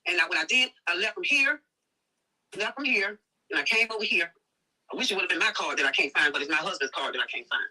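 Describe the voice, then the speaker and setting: A woman ranting fast and cursing on a stream, replayed from a distance. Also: fairly low pitch, expressive, pushed and bright, slightly rough. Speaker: streamer in a played clip. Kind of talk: heated live-stream rant.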